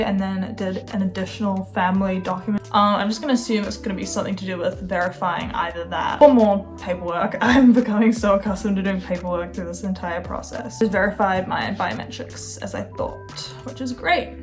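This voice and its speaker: A young adult woman talking casually in a vlog diary, chatty and excitable, with the odd casual swear. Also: mid-range voice. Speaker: vlogger.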